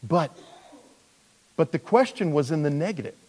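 A male pastor delivering a sermon in a relaxed, talky way, often restarting phrases. He now and then jumps into playful high voices to act out characters. His voice rings out with a long hall reverb. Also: normal speed. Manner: conversational, with frequent restarts and jokey high-pitched character voices.

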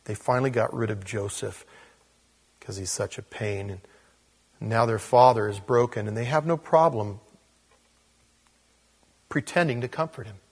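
In a relaxed preaching style, this man reads scripture, then wanders into casual asides, performing small quotes and laughing at his own remarks. His voice is fairly low with a breathy edge, at normal speed with long pauses. He's a pastor giving conversational Bible teaching.

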